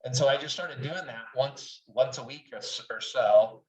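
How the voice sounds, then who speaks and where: A man's voice: mid-range voice, moderate pace. A middle-aged man talking as a guest in a casual interview, candid and enthusiastic, swearing freely. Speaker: guest, wine writer. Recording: distant, roomy, dull audio.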